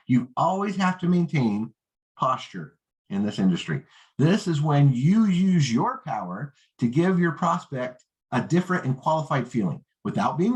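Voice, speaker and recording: A man coaches networkers in a confident, steady mid-range voice. He keeps checking in with "right?" and "okay?" as he teaches. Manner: confident, acts out rookie and prospect lines in higher voice; peppers talk with "right?" and "okay?". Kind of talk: coaching lesson.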